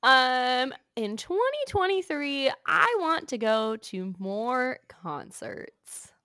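A woman's voice: sits high, expressive, takes it slowly, sharp tone, no room sound. Young woman, podcast co-host, upbeat, giggly, dry close sound. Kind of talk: casual chat.

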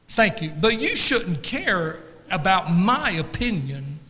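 High, bright-voiced emotional preacher. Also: male voice, big pitch swings, slow, few pauses. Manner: emotional, emphatic, chatty asides to the congregation. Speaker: pastor. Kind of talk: Pentecostal sermon. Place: church sanctuary. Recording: long reverb of a church hall.

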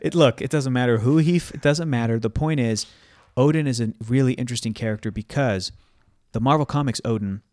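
A man's voice: medium pitch, fairly quick, a little mellow, no room sound. A man co-hosting a casual podcast chat, rambling with many fillers and restarts. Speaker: podcast co-host.

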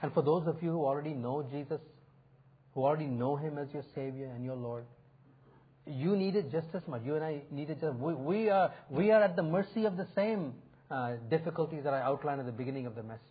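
Preaching in an earnest, inviting way, this man lets his emphasis rise and fall. His breathy voice is fairly high and a little fast, and the recording has a narrow, phone-like sound.

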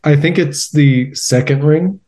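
A man's voice: fairly high pitch, measured pace, dark tone. A man co-hosting a casual podcast chat, laid-back and self-deprecating. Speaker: podcast co-host.

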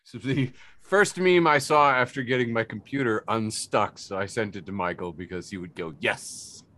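A man's voice: on the low side, moderate pace, a bit bright. A man co-hosting a podcast, describing memes enthusiastically with frequent uhs. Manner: enthusiastic, hesitant with many uhs. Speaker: podcast co-host. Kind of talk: casual chat reading memes.

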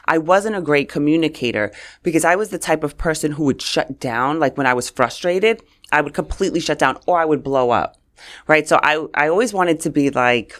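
Lively New York woman coach telling stories. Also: deep voice, a little fast. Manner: lively, laughing, animated storyteller. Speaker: guest, communication coach. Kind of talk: casual interview chat, storytelling.

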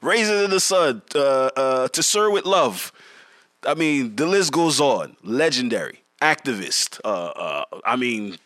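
A man's voice: medium pitch, sing-song, a little slow, a bit bright, no echo. A young man co-hosting a podcast in casual banter, joking, laughing and restarting his sentences. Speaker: podcast co-host.

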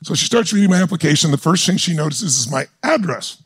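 A man's voice: fairly high pitch, expressive, fast talker, slightly rough. A man in his sixties, a motivational speaker telling a story at a live seminar with passion and intensity, rallying the crowd. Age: 60s. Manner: intense, passionate, rallies the audience.

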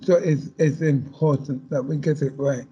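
A man speaking as a panel guest, talking slowly and haltingly with many restarts. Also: fairly high pitch, steady tone, mellow, breathy edge, muffled recording. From Caribbean heritage. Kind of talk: panel discussion.

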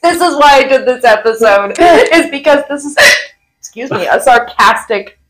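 A woman's voice: high-pitched, animated, moderate pace, fairly bright tone, rough recording. A woman hosting a comedy podcast, chatting casually in a playful, giggly, sarcastic way, with the hiccups. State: has the hiccups. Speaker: podcast host.

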